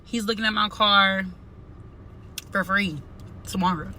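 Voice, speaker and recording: A woman's voice: mid-range voice, steady tone, unhurried, pushed and bright, a little hiss or hum. A young woman chatting casually to her viewers in a vlog, repeating phrases and calling them y'all, recorded outdoors on a phone camera. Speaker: vlogger.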